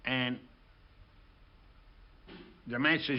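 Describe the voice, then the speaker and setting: An older man, a film director, recalls his career in an interview, telling lively stories and acting out the lines of the people in them. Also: medium pitch, measured pace, lo-fi sound. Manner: lively storyteller acting out quotes. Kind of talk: interview recollection.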